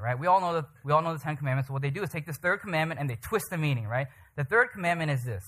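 A man preaching a sermon, telling stories in an animated way and often checking in with the listeners. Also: a little high. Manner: animated, checks in with "right?" and "okay?". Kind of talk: sermon with storytelling.

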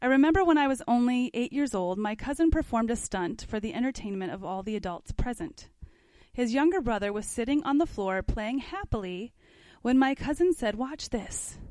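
A woman's voice: on the high side, lively intonation, a little fast, a little mellow, no room sound. A woman teaching a parenting class, reading passages aloud from a book and adding casual comments with questions to her listeners. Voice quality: conversational, asks the class questions.

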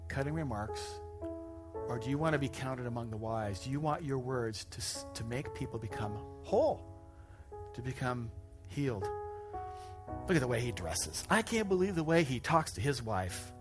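Pastor, preaching a sermon, mid-pitched, self-deprecating humour with animated asides, clear music playing behind. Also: male voice, normal speed. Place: church stage before a congregation.

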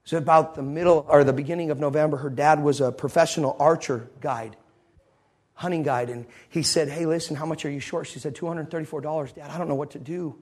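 A man delivers a sermon to a congregation in a slightly husky voice. He tells a story, then swings from loud, driving lines to hushed, intimate ones, and laughs along with the room. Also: on the high side, fairly even intonation, a little fast. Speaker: preacher.

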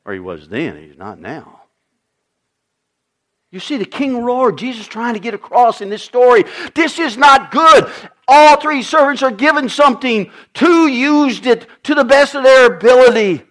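Animated male pastor preaching. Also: very high voice, unhurried. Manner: dramatic shifts in volume, acting out voices; direct questions to the congregation. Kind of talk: sermon.

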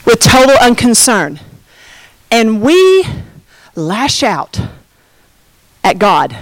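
High-voiced woman preaching through a story. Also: dry recording. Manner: animated storytelling, dramatic slowdowns and hushed emphasis. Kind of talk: sermon with personal story.

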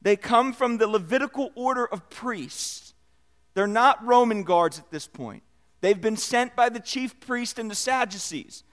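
A man with a high voice preaching a sermon. He leans into key phrases, then drops his voice low and quiet to let them land. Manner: expressive preaching, swells and drops in volume for emphasis. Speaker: pastor.

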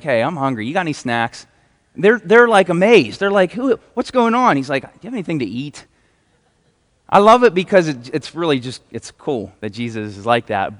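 A man preaching a sermon as a pastor in a casual, enthusiastic way, reading scripture aloud. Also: mid-range voice. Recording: hall reverb.

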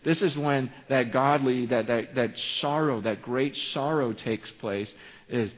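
A man's voice: mid-range voice, measured pace. A man around forty from California, preaching a sermon as a pastor, telling an emotional story full of restarts. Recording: reverberant hall, dull sound.

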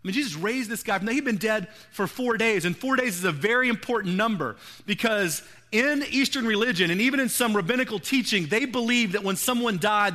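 Bright, high-voiced man preaching. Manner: storytelling, retelling scripture in casual paraphrase. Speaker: pastor. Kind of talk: sermon.

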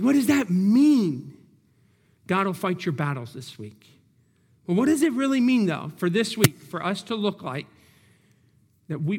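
A male pastor preaches in a church sanctuary, pressing his points through repeated words and direct questions. His voice sits high for a man. The sound carries a long hall reverb. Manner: emphatic, repeats key words, asks the congregation questions. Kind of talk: sermon.

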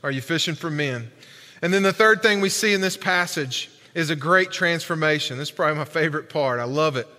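A man preaching in a large church sanctuary. He is emphatic and colloquial and keeps asking rhetorical questions. His voice is high and bright and rings through a long reverb. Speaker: pastor. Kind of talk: sermon.

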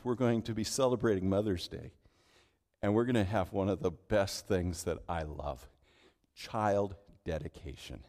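A middle-aged male pastor preaching a sermon, telling stories in an animated way and repeating words as he goes. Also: low-pitched. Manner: animated storytelling, repeats words while speaking. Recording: long hall reverb.

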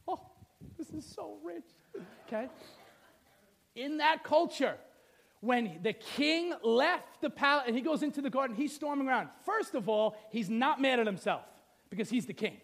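A man's voice: extremely high pitch, expressive, normal speed, creaky, a bit bright. A middle-aged male pastor preaching a sermon, telling the story with playful asides and acting out the scenes.

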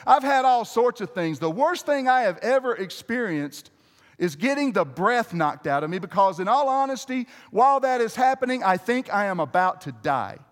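A male pastor with a high-pitched voice delivers a sermon, his words carrying a long reverb through a church hall. He talks conversationally, restarting phrases and turning to the congregation with questions.

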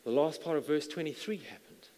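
A man's voice: on the high side, a little fast, dark tone. A man preaching a sermon as a pastor, telling a story earnestly and stumbling over repeated words. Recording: long reverb from a large hall.

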